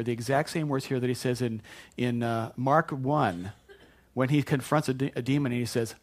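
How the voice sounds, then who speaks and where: A man's voice: medium pitch, brisk. Chatty joking male preacher. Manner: conversational and joking, with frequent restarts. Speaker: pastor. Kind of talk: sermon.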